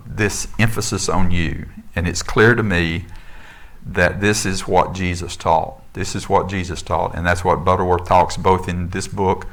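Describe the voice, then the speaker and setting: Low-voiced middle-aged guy preaching, chatty storytelling, lots of uhs and restarts. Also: fairly bright tone. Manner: conversational storytelling with many fillers. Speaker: minister. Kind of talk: sermon.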